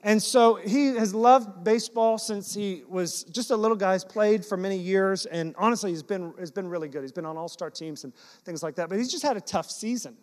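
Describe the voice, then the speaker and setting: A man preaching a sermon, telling personal stories in an animated, self-deprecating way to his congregation. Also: high-pitched, fairly quick. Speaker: pastor. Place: church sanctuary. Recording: long hall reverb.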